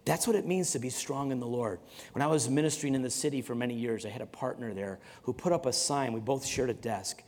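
A man's voice: medium pitch, fast talker, a little mellow. A man preaching a sermon in a conversational way, often repeating words and acting out stories. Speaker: pastor. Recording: long hall reverb.

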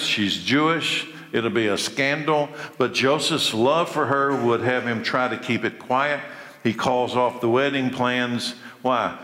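A man delivers a sermon with emphatic, measured phrasing, pausing dramatically and firing rhetorical questions at his listeners. His voice sits at an ordinary pitch for a man. It rings through a large, roomy hall with a long, trailing reverb. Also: fairly bright tone. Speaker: preacher.

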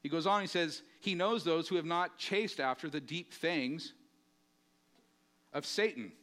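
A man's voice: on the high side, unhurried, fairly bright tone. Emphatic man preaching a conversational sermon. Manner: conversational and emphatic, often asking the congregation questions. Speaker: pastor.

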